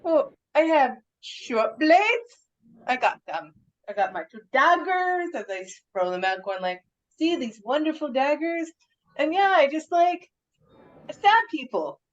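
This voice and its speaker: A woman's voice: high voice, very animated, measured pace. A woman playing a timid, flustered cat-like rogue, speaking hesitantly and stammering, on slightly muffled audio.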